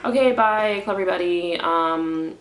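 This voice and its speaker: A young woman vlogging in a stressed, rambling confessional, swinging from low mumbling to loud indignant outbursts and slipping made-up words into her speech. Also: unhurried, very noisy. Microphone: camera in front of her. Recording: echoey room.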